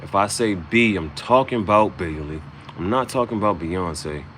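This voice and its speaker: A man's voice: low voice, animated, normal speed, a bit bright, a little hiss or hum. A man freestyling a loose, swaggering, profane rhyming monologue as host.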